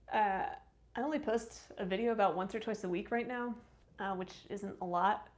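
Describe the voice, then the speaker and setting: A woman's voice: mid-range voice, darkish tone. Chatty woman reading her live chat. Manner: chatty, reads comments aloud, thankful. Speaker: streamer answering chat. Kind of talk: casual live stream chat.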